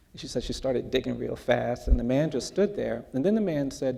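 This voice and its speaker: Gravelly man telling a story onstage. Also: medium pitch, lively intonation, warm tone. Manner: measured, earnest storytelling. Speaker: guest speaker, justice advocate. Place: large event hall with audience. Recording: long hall reverb.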